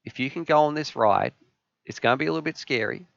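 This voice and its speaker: Man voicing cheeky helicopter pilot, playful bargaining, smooth voice, dry sound. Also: medium pitch, expressive, fast talker, a bit bright, no room sound, dull audio, pitched above the performer's own voice. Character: cheeky male helicopter pilot offering a bet.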